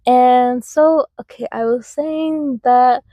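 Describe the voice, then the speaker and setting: A young American woman from a Mexican family hosts a podcast, speaking slowly in a high-pitched voice on a muffled recording with no room sound. She tells personal stories in a reflective, rambling way, with many fillers and restarts.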